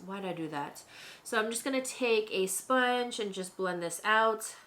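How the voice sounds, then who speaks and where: A woman's voice: medium pitch, unhurried, a little hiss or hum. A young woman telling a story in a chatty way, with many fillers, while she does her makeup at home. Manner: chatty and animated, with lots of "like" fillers. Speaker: beauty vlogger.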